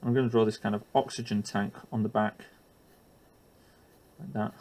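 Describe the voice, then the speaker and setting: A man's voice: on the low side, steady tone, moderate pace, darkish tone. A man explaining a chemistry lesson for teachers while drawing, hesitant with frequent ums and uhs and the odd self-deprecating aside.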